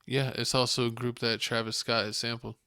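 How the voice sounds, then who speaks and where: A man's voice: mid-range voice, little pitch movement, fairly quick, bright, forceful tone, clean tone, no echo, studio quality. A man co-hosting a casual podcast, teasing his co-host and laughing often.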